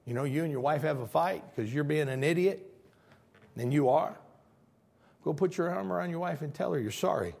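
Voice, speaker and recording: Male pastor, dramatic sermon delivery, animated pitch, repeats himself for emphasis. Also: brisk, vocal fry, breathy edge. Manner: swings from near-shouting to hushed, acts out prayers; repeats phrases for emphasis, stumbles and restarts.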